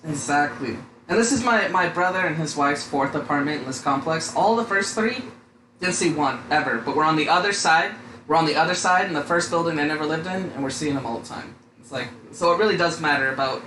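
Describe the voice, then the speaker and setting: This podcast co-host is a young man whose slightly high voice comes out brisk and sharp. He wanders through casual, swear-heavy talk, saying "dude" a lot. The recording has room echo and faint noise.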